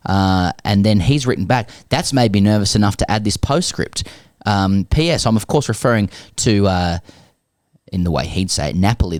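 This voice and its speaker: A man's voice: deep voice, no room sound, studio quality. An Australian man co-hosting a sports podcast, reading listener emails aloud in a wry, theatrical way with frequent laughs. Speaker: podcast co-host.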